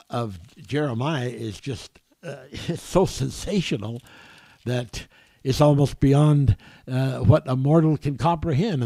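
A man preaching a sermon, halting and repeating words, growing forceful when reading scripture. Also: mid-range voice, no room sound.

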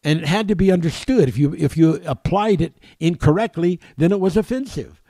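Halting preacher, slightly high voice. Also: male voice, warm tone, no room sound. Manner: halting, repeats words, rises in force reading scripture. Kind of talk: sermon.

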